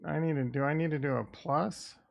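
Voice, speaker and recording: A Midwestern American man streams casually about crypto and stocks, thinking out loud in a rambling, irreverent way. His voice sits on the high side with a creaky texture, and he talks briskly with fairly even intonation. It's loose livestream chatter.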